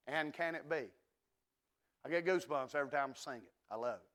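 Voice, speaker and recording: A middle-aged man, preaching a sermon in a church and swinging from hushed asides to loud declarations. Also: a little high, fairly quick, pauses often. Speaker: pastor. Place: church sanctuary.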